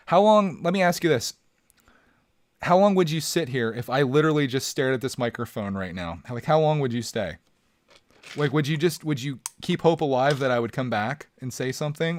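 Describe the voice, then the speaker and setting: A man's voice: mid-range voice, lively intonation, normal speed, no room sound, clean studio sound. A man hosting a casual live stream from home, joking around and chatting with his viewers.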